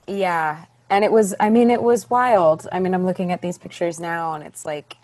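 A young woman, a stage actress, chatting as a podcast guest, telling her story with lively acted-out quotes. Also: on the low side, normal speed. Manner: animated, acts out quoted voices. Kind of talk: casual interview storytelling.

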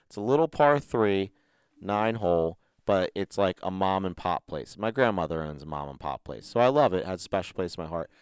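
Low, smooth-voiced man telling a story. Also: a little fast, no echo. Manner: profane, animated storytelling with laughs. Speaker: podcast co-host. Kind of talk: casual chat.

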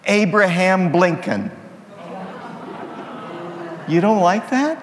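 A man's voice: high voice, lively intonation, slow, long reverb tail, a little hiss or hum. A man, a priest, opening his sermon with folksy jokes before turning serious. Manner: folksy, playful joke-telling. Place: church.

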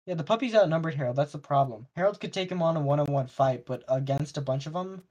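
Young man, podcast guest, husky voice, matter-of-fact explainer. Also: on the high side, fast talker, a little mellow, dull audio. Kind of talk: casual podcast chat.

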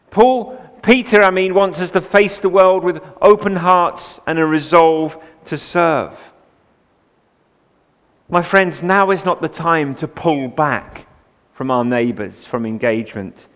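A pastor preaching a sermon, moving between relaxed asides and emphatic, rising passages. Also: male voice, fairly high pitch. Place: church. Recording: long hall reverb.

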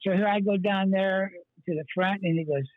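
A man's voice: high voice, steady tone, moderate pace, dry recording. A man, a pastor, earnestly telling his life story in an interview, rambling with many fillers and restarts. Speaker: pastor, guest. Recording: tinny phone-line sound.

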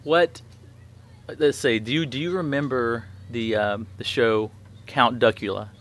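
A man's voice: medium pitch, fairly even intonation, moderate pace, fairly bright tone. A man in his thirties hosting a podcast, telling a story in a rambling way with many fillers and restarts. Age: 30s. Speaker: podcast host. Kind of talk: casual chat.

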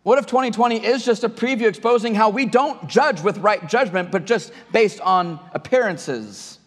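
A man's voice: sits high, moderate pace, a bit bright. A male pastor preaching a conversational sermon to his church, often restarting and repeating words. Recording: long hall reverb.

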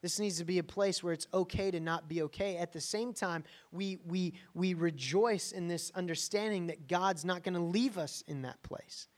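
A man's voice: sits high, moderate pace, few pauses. A man preaching a sermon in a conversational, emphatic way, often checking in with the listeners. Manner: emphatic, conversational, frequent "right?" asides. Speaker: pastor.

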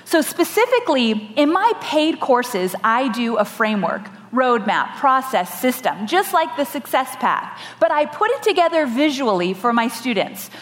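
A woman giving a lively storytelling keynote on stage, animated and laughing often, with dramatic voices for the people in her story. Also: high voice, moderate pace, hardly any pauses. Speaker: podcast host giving a conference talk. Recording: live talk with long hall reverb.

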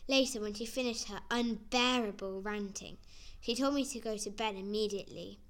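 A woman's voice: medium pitch, moderate pace, fairly bright tone. A woman reading a first-person story aloud in an earnest, plain way. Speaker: narrator.

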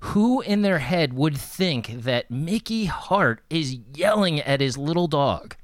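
A man's voice: a little high, lively intonation, takes it slowly, no echo. A man telling stories in casual conversation, laughing and doing voices of the people in them. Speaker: guest, interviewer and music manager. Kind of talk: casual storytelling.

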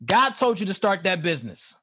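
A man in a casual Bible discussion, reading scripture slowly and acting out the dialogue with animation. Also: sits high, very animated, fairly bright tone, husky. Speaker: podcast co-host teaching scripture.

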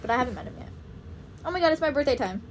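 A young woman with a high voice swaps stories in a loose, animated chat with friends. She swears freely and acts out old text messages. A faint hiss sits under her voice. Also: racing. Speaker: podcast co-host. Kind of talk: casual chat.

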